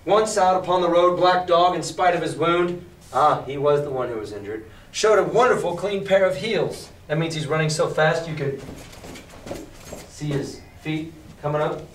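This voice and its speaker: Man, teacher, lively classroom reading, emphatic, distant mic, faint room noise. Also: fairly high pitch, normal speed. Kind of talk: reading aloud and explaining to a class. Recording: echoey classroom from far off.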